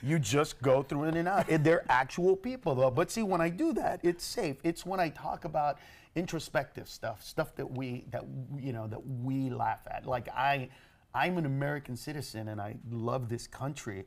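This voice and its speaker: A man who is a stand-up comedian, chatting as a guest on a TV talk show, animated and laughing often. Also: medium pitch, moderate pace. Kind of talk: casual TV chat. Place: TV studio.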